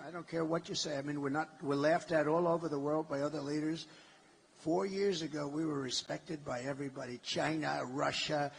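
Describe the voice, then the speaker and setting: Older guy rambling emphatically at a campaign town hall, bit high voice, faint crowd hum behind. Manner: emphatic, boastful, rambling repetition. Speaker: political candidate at a town hall. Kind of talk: campaign speech answering a voter. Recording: live event with faint ambience.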